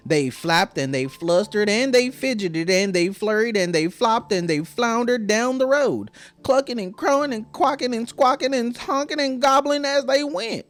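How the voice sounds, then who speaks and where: A woman's voice: fairly high pitch, expressive, moderate pace, soft background music. A woman reading a children's storybook aloud with a sing-song delivery.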